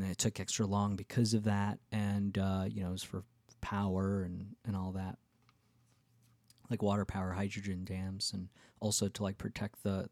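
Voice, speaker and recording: A man's voice: lowish voice, darkish tone, no room sound, studio quality. A man hosting his own podcast, telling a travel story in a candid, rambling, self-deprecating way, with lots of fillers and restarts. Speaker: podcast host. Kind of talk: casual solo storytelling.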